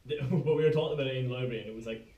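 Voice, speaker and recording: A young man co-hosting a podcast, bantering quickly with slang and laughter. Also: medium pitch, phone-quality sound. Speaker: podcast co-host. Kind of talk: casual chat. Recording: echoey room, mic far off.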